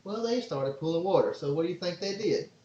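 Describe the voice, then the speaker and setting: A man hosting a podcast, telling a long story in a casual, excitable, rambling way. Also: sits high, a little fast. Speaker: podcast host and father. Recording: roomy, slightly dull sound.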